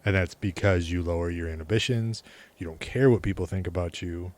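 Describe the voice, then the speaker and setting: A man from the American Midwest explains his views plainly in a casual podcast chat. His voice is very deep and low. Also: brisk, a little mellow. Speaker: podcast co-host.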